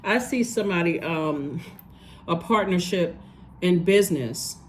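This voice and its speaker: This tarot reader talks a little slowly but with animation, her voice on the low side, over a faint hiss or hum. Her casual reading is loose and rambling, full of emphatic repetition to drive points home.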